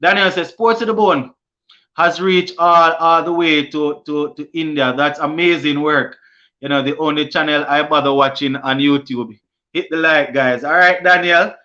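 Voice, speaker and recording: A young man with a Jamaican accent hosts a cricket live stream for his sports channel, casually reading viewer comments aloud and answering them. His voice is a little high, bright, and forceful, with fairly even intonation at normal speed, over lo-fi stream audio.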